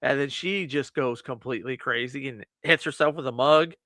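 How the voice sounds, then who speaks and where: On a casual movie review podcast, a man with a medium-pitched voice recaps a film at a moderate pace, animatedly acting out lines and laughing frequently. The recording is dry.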